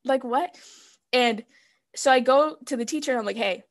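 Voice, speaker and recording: A woman's voice: sits high, moderate pace. A young woman, a podcast guest, telling a personal story in casual chat and acting out what she said back then. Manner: animated storyteller acting out her own past dialogue.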